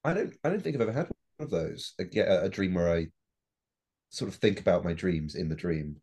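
A man's voice: sits low, expressive, fairly quick, a little mellow. A man co-hosting a podcast, chatting playfully with frequent hesitant restarts. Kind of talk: casual chat.

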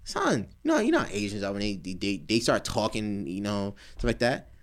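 A man hosts a podcast in casual chat, joking as he tells his stories. His pitch jumps around a lot and his delivery is animated. He has a Haitian and Cuban background. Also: brisk. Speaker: podcast host.

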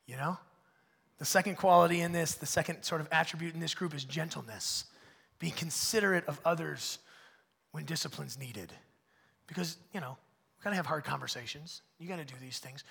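A man preaching a conversational sermon in a church, swinging between loud bursts and hushed asides. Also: a little high, vocal fry, slightly rough, long reverb tail. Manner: animated, swings from loud to hushed, acts out voices of others. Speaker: pastor.

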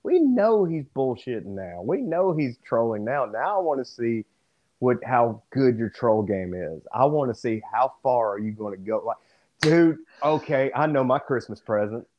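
A man hosting a casual sports podcast, telling stories in a profane, laughing, animated way. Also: mid-range voice, normal speed, muffled recording. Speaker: podcast host.

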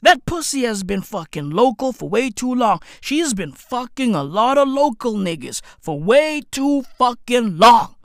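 A man doing a comedic gossip rant, profane and slangy, repeating lines for emphasis and bursting into shouts. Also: extremely high pitch, very animated, unhurried, vocal fry, few pauses, no room sound, studio quality. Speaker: commentator.

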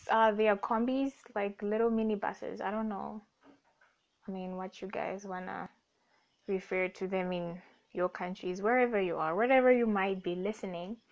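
A young woman hosts a casual, rambling podcast monologue. She self-corrects, jokes and laughs often. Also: medium pitch. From Namibia. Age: young adult. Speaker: podcast host. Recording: dull lo-fi recording.

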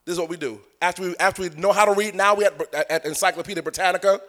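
A male preacher delivering a sermon in a sing-song cadence, swelling into shouts and addressing the congregation directly. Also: sits high, very fast.

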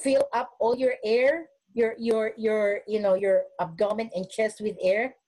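A woman's voice: medium pitch, fairly even intonation, a little slow, darkish tone, rough recording. A woman who is a nurse, speaking earnestly at a webinar and showing self-care techniques, often restarting her sentences. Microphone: webinar recording.

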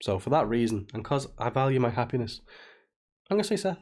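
A man's voice: medium pitch, big pitch swings, quick pace, darkish tone. Chatty northwest English man, wrestling podcast. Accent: northwest English, near Liverpool. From northwest England. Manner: chatty, rambling, laughs often. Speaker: podcast co-host. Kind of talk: casual chat.

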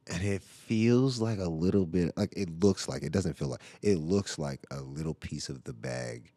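A man's voice: sits low, moderate pace, warm tone, dry recording. A father podcasting from home, telling a story in a casual, rambling way, full of "like" and "right?" asides.

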